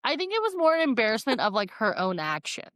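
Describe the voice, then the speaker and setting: A woman's voice: a little high, big pitch swings, quick pace, a bit bright, no room sound, clean studio sound. A woman co-hosting a podcast, chatting casually about a book and retelling the plot with acted-out quotes. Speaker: podcast co-host. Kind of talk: casual book discussion chat.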